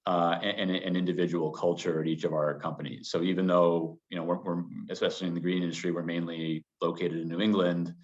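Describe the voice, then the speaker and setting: A man being interviewed as a business guest, answering in a measured way full of qualifiers. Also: deep voice, level tone. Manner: measured, hedging with many qualifiers. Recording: dull lo-fi sound.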